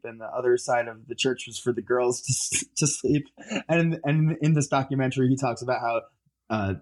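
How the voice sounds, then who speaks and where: A man's voice: mid-range voice, a little mellow. A musician, a man, chatting as an interview guest, rambling with lots of fillers and restarts. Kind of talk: casual interview chat.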